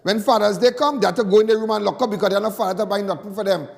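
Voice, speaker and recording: Trinidadian male caller, very high voice, heated and repetitive, with a long echoing reverb. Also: rapid-fire, gravelly. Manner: impassioned, repetitive, indignant. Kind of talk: call-in talk radio rant.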